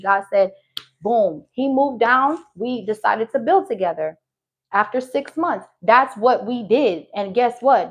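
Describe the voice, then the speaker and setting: A young woman telling a personal story in casual, profane talk, acting out the quoted dialogue as she goes. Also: on the high side. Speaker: tarot reader.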